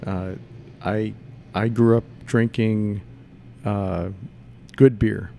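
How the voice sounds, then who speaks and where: Man from chicago, mellow low voice, lots of uhs, faint hiss. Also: fairly even intonation, very slow, creaky. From Chicago, USA. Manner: hesitant, many uhs. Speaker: brewery co-owner. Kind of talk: casual chat.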